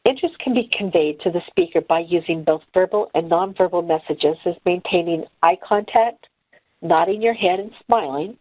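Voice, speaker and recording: A woman giving a training lesson on speaking skills, in a measured, deliberate delivery with pauses. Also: lowish voice, dry recording. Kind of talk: instructional talk on speaking skills. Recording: tinny phone-like audio.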